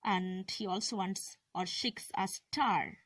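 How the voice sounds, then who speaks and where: A woman's voice: medium pitch, takes it slowly, fairly bright tone, no echo. A woman teacher explaining a poem to her students, hesitant, often restarting and correcting herself. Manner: hesitant, with fillers and self-corrections. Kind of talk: classroom lesson on a poem.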